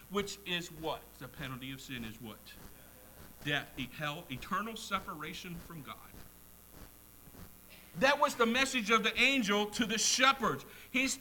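Male preacher, high and very bright voice, fervent, repetitive, loud peaks and hushed asides. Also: poor audio. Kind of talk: sermon.

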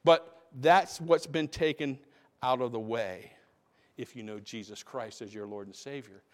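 A man's voice: medium pitch, a little slow. A man preaching a sermon as pastor, emphatic, repeating phrases for stress. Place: church.

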